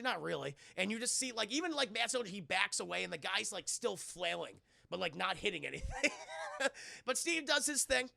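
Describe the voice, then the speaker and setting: Gravelly, excitable man chatting to his stream. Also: sits high, brisk, no room sound. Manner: excitable and profane, often addresses chat, acts out characters in loud voices. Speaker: streamer reviewing a film with live chat. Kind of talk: casual livestream film review.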